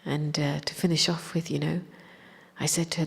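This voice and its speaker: A woman spiritual teacher recounts a personal story in a reflective, unhurried way, sinking now and then into a near-whisper. Her voice sits low and sounds husky, and a long hall reverb trails behind her words. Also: little pitch movement. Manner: reflective, often dropping to a whisper.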